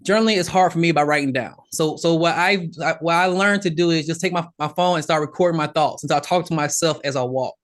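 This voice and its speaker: A man guesting on a podcast, telling his story in a casual, animated way with frequent restarts. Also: on the high side, fast talker, few pauses. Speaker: podcast guest, real estate investor.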